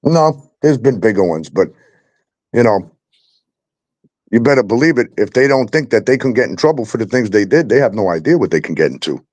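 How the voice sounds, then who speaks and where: A man's voice: fairly low pitch, sing-song, a little fast, darkish tone, dry recording. A man hosting a talk show, ranting heatedly and swearing constantly about landlords and the police. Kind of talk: angry profane rant.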